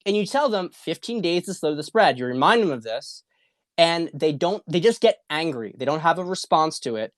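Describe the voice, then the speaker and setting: A man's voice: on the high side, animated, normal speed, no room sound, studio quality. A man hosting a political talk stream, ranting in a rambling, repetitive and profane way with a lot of heat. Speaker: political commentary host. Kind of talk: casual livestream monologue.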